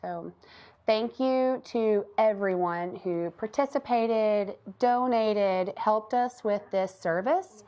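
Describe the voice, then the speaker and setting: A woman's voice: medium pitch, slow, dark tone. A middle-aged woman, co-hosting a casual chat and laughing often. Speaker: co-host. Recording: dull lo-fi sound.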